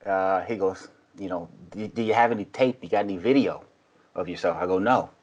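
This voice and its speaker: A man in his forties with a low, husky voice, telling long stories on a podcast. He acts out the people he quotes with animated shifts. The tone is casual and conversational. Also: brisk, highs cut off. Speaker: podcast guest, baseball coach. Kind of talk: casual storytelling.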